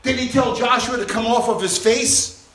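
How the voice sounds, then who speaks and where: A man preaching a sermon to a responsive congregation, impassioned and swinging between loud exhortation and hushed intensity. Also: very high-pitched, fairly even intonation, moderate pace. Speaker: pastor. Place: church sanctuary with congregation. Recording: roomy church reverb.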